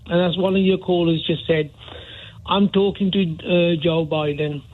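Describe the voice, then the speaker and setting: A male caller with a Black Country accent talks on a radio phone-in, his voice pitched a touch high. He comes through a narrow, tinny phone line. He keeps asking "yeah?" and "right?" as he goes. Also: fairly even intonation, unhurried. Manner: chatty, repeats "yeah?" and "right?". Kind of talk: phone-in call.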